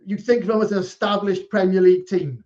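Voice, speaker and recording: A man hosting a podcast, asking questions in a relaxed, joking way. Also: sits high, fast talker, dull audio. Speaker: podcast host. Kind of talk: casual podcast chat.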